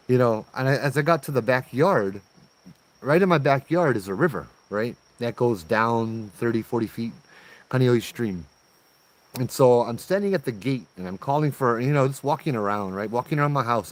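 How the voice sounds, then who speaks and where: A man with a Hawaiian accent casually telling a ghost story in a laid-back, chatty way, full of island slang, outdoors under a tree. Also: medium pitch.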